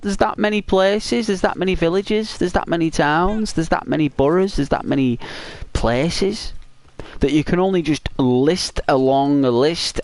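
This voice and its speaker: A man's voice: fairly high pitch, darkish tone, clean tone, no echo. A man with a Northwest English accent, a gaming YouTuber chatting casually with viewers while playing, rambling and teasing. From Northwest England. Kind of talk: casual chat with viewers during gameplay.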